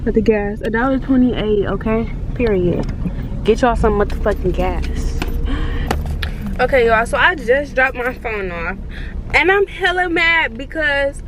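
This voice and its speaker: A young woman talks into a phone camera propped up in her car, blunt, chatty and full of casual swearing. Her fairly high voice swings up and down a lot as she talks. Loud road and traffic noise sits behind her. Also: expressive. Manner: chatty, blunt and heavily profane, drawn-out complaints. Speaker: vlogger. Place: in a car, on the road and at a gas station. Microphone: phone camera set up in the car. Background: car and outdoor traffic noise.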